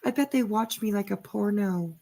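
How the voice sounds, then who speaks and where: Gravelly, scornful woman commentator. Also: medium pitch, dark tone. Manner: scornful, mocking, drawn-out remarks with many fillers. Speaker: commentary channel host. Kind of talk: casual reaction commentary.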